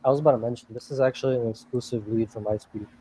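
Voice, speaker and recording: A man's voice: medium pitch, steady tone, rapid-fire, dark tone, slight background noise. A man calling into a livestream, mostly giving short agreeing replies over a video call. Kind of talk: brief call-in remarks. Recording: dull lo-fi call audio.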